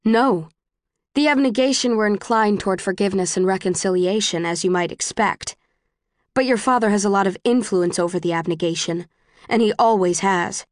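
A woman reading the lines of a cold, bitter middle-aged woman who leads rebels, in a cool, measured audiobook voice. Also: mid-range voice, dry recording, clean studio sound, natural voice.

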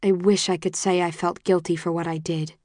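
A woman reading a first-person audiobook in a low-key, measured way, sometimes dropping to near whispers. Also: flat delivery, darkish tone, dry recording, studio quality. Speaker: audiobook narrator.

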